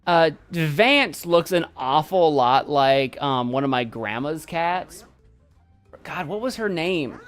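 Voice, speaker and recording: A man hosting a live stream, chatting casually in an animated, jokey and rambling way. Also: a little high, slow pace, faint music behind. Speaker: streamer host.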